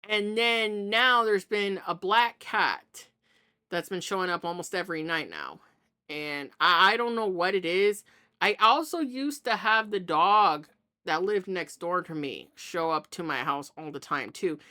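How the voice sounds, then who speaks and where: A woman's voice: fairly low pitch, expressive, measured pace, sharp tone. A woman vlogging from her home in a casual, rambling monologue with many restarts.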